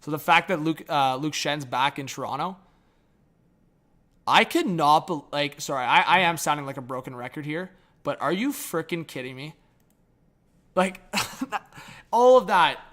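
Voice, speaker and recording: During a live reaction stream, a man talks to his viewers and his dog, alternating between mumbling and shouting. His voice is a little high with lively intonation, a bit slow, with frequent pauses.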